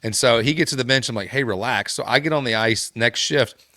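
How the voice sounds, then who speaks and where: A man's voice: mid-range voice, fairly quick, bright, forceful tone, no echo. A man hosting a podcast, telling a long story in casual chat, full of fillers and restarts. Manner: rambling, many fillers and restarts. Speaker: podcast host.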